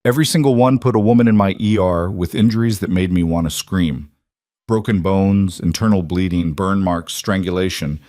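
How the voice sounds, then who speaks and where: A man's voice: deep voice, moderate pace, dark tone, no room sound, clean studio sound, lightly acted. A man narrating an audiobook voices a guarded female nurse who answers in tense, clipped lines and turns defiant.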